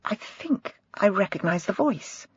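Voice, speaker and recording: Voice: medium pitch, expressive, brisk, a bit bright, husky, no room sound, lo-fi sound, voice pushed up. A narrator voicing a nervous young female detective who talks in a hesitant, apologetic way.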